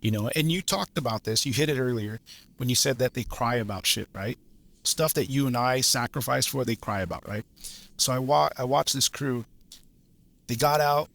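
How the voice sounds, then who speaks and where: Blunt, gravelly lineman in his fifties. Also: mid-range voice, moderate pace. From Los Angeles area. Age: 50s. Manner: blunt, profane, animated storyteller. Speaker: podcast guest, journeyman lineman. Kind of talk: casual storytelling chat.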